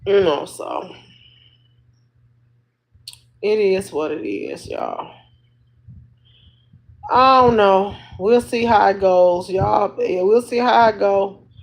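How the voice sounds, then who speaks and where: A woman's voice: mid-range voice, lively intonation, takes it slowly, pauses often, low-quality recording. A woman chatting casually to her livestream viewers, rambling along and laughing often, talking into a phone. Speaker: livestream host.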